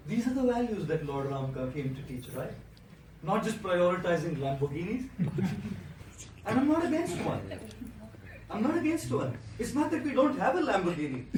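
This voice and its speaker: A man speaks as a monk giving a motivational talk. He tells an anecdote with lively rhetorical repetition. The sound is roomy and distant, with a noisy echo from a large hall. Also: high voice, normal speed. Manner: animated storyteller with rhetorical repetition. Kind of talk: motivational speech with storytelling. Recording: echoey hall from a distant mic.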